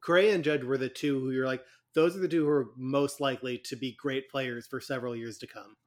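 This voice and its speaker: A man's voice: medium pitch, fairly even intonation, fairly quick. Hesitant male podcast co-host. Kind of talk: casual sports chat.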